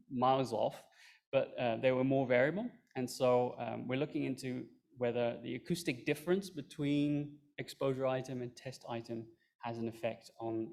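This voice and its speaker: A man presenting research findings at a conference, explaining in a relaxed way with fillers and dry asides. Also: medium pitch, creaky. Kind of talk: recorded academic talk.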